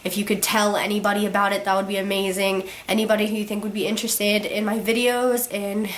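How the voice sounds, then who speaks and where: A teenage girl vlogger ranting casually to camera, her sick voice cracking, filling every pause with "like". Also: medium pitch, little pitch movement. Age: teens. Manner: ranting, constant "like" fillers. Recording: roomy echo.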